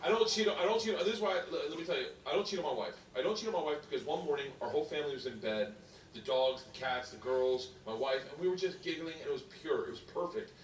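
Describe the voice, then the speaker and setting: A man doing stand-up storytelling, loud and rambling, often laughing at his own story. It is a stand-up clip replayed in an echoey room. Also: on the high side, animated, fast, far from the mic, slight background noise. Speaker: stand-up comedian.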